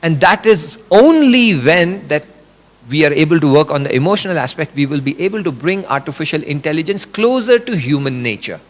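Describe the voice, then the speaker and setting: A middle-aged man giving an animated religious lecture, explaining with examples. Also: fairly high pitch, brisk. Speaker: religious speaker. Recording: long reverb of a hall.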